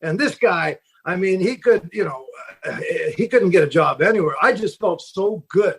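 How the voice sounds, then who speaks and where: A man's voice: high-pitched, moderate pace, slightly rough. A middle-aged man from Seattle, a fishing boat captain, telling stories in a rambling podcast interview, full of fillers and restarts. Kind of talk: casual storytelling in a podcast interview.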